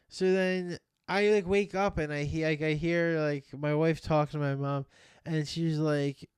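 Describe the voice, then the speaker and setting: A man co-hosting a laid-back podcast, acting out the phone calls he retells and laughing through them. His voice sits high and sounds smooth. The recording is dry and close. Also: unhurried, no echo. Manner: animated storyteller acting out calls, laughing often. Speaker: podcast co-host. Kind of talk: casual chat.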